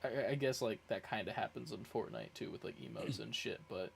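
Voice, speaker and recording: A man hosting a gaming podcast in a relaxed, casual way, swearing freely and reacting with short interjections. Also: on the low side, a little fast, gravelly, slightly rough. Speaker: podcast host. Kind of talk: casual chat.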